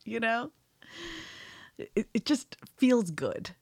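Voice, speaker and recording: A woman's voice: fairly high pitch, sing-song, slow, creaky, a little mellow, no room sound, studio quality. Giggly woman co-hosting a chatty podcast. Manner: giggly, chatty, frequent restarts. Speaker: podcast co-host. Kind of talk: casual chat.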